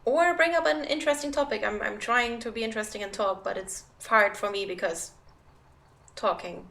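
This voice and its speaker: Thirtyish woman streamer rambling away, kinda high and bright, pokes fun at herself. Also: moderate pace, creaky. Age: 30s. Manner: rambling, self-deprecating, chatty. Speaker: game streamer. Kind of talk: casual livestream chat.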